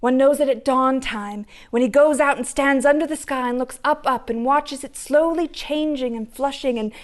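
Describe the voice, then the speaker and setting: Storyteller, woman, high voice, lyrical read-aloud. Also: normal speed, hardly any pauses. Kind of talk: dramatic reading of a story.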